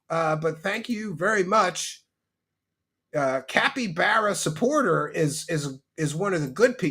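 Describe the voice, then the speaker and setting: A man's voice: sits high, animated, fairly bright tone, breathy edge. A man hosting a livestream, reading chat aloud and joking with mock rants. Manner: mock-ranting, joking, quick to laugh. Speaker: livestream host.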